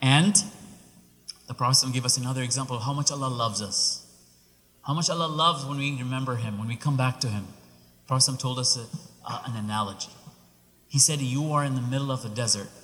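A man preaching a sermon, telling a story with animated, rising exclamations. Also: medium pitch, brisk, long pauses. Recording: long reverb of a large hall.

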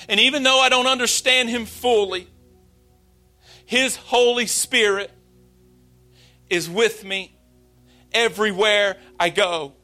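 Pastor in his late 30s, sermon, very high voice, slow, heartfelt delivery. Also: pushed and bright. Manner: earnest, confessional, slow and emphatic.

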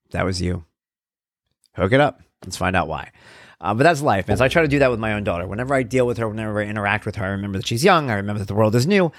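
A man's voice: on the low side, no room sound, studio quality. A man hosting a show, talking casually and rambling about parenting and his blog. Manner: conversational, rambling, self-deprecating. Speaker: podcast host and parenting blogger. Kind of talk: casual monologue.

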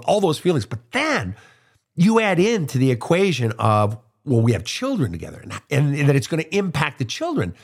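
A middle-aged man hosting a casual advice monologue, blunt and profane as he answers listener questions. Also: medium pitch. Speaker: host, soul counselor.

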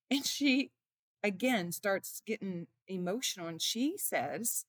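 A woman interviewed as an author and mother earnestly shares heartfelt stories, acting out what people said in quoted dialogue. Her mid-range voice has lively intonation and an unhurried pace, recorded in clean studio sound with no echo.

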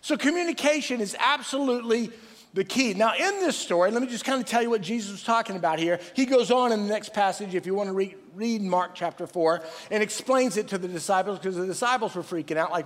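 Middle-aged male pastor, high-pitched, energetic preaching with call and response, heard in a reverberant church hall. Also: fast talker. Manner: energetic, calls for crowd responses, restarts phrases. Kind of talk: sermon.

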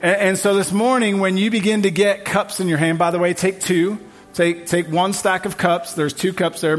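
A man with a high, bright-toned voice delivers a sermon at a church service. He preaches with emphasis, circling back to repeated refrains. Soft music plays faintly behind him. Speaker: pastor.

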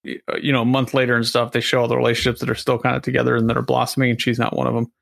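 Man, fast rambling recap of scenes, dry close sound. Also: mid-range voice, monotone, vocal fry, fairly bright tone, no room sound. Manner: rambling, acts out lines from scenes. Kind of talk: casual chat recapping a movie.

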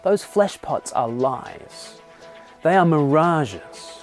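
Lively, earnest male Bible teacher. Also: a little high, extremely slow, soft background music. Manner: earnest, animated preaching that acts out grumbling voices. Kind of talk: short daily Bible devotional.

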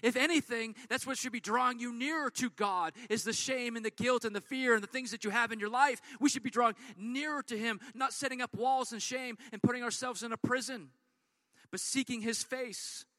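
A man preaching a sermon in a relaxed, conversational way, slipping into slangy voices for the people in his story. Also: very high voice, fairly quick, no echo.

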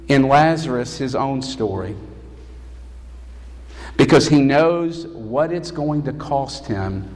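A man preaching a sermon as pastor, emphatic and rising to loud calls. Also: medium pitch. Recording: long hall reverb.

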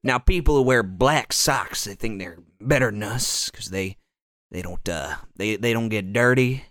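A man putting on a slow, menacing Southern drawl as a parody bigot, savoring every word. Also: fairly low pitch, a bit bright, no room sound, studio quality, pitched below the performer's own voice. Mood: sinister drawl. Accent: American Southern, put on.

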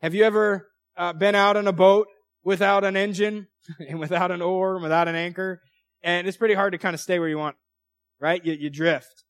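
A man's voice: sits high, fairly even intonation, a little fast, no echo. A middle-aged man preaching a sermon in a loose, conversational way, with frequent restarts and asides. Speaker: pastor.

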